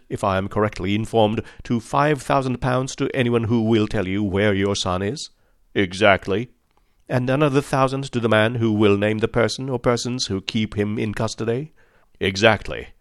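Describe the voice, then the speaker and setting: A man voicing a cold, inexorable male detective who speaks calmly, precisely and insistently. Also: fairly low pitch, no room sound, studio quality, lightly acted.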